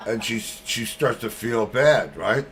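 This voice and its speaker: A man's voice: medium pitch, animated, slow, a bit bright, a little hiss or hum. A man hosting a podcast, telling a rambling joke and laughing along the way. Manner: rambling, laughs through the story. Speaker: podcast host. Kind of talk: casual chat, telling a joke.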